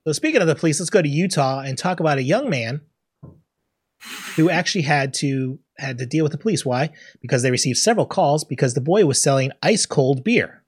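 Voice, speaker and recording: A man's voice: on the high side, animated, brisk, breathy edge. A man co-hosting a podcast, chatting casually, laughing often and swearing now and then. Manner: laughs often, swears, acts out quoted people. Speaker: podcast co-host. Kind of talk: casual chat.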